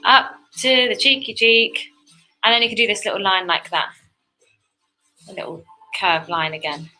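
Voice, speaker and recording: Bright-voiced woman teaching painting. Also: medium pitch, animated, moderate pace, faint music behind. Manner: cheerful, chatty instructions. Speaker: painting instructor. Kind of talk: step-by-step art tutorial.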